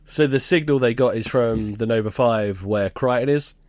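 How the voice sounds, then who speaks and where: A man co-hosting a podcast, chatting loosely about a sitcom. He retells scenes with lots of laughter and the odd swear word. His voice sits at a middling pitch, and the sound is close and dry, with no room around it. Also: normal speed, darkish tone, dry recording. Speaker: podcast co-host. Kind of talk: casual chat recapping a sitcom.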